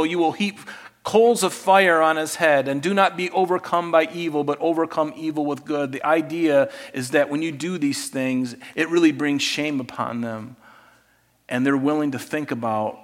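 A man preaching a sermon, animated, swinging between loud emphasis and quiet asides. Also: on the high side. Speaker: pastor.

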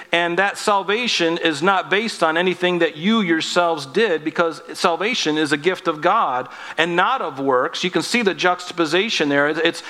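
A man's voice: fairly high pitch, bright, forceful tone. A man preaching a sermon in an earnest, conversational way, often asking his listeners rhetorical questions.

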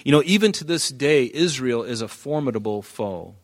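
A man's voice: medium pitch, animated, normal speed. A man, a pastor preaching an expository sermon, reading scripture aloud and pressing points with emphatic rises and drops in volume.

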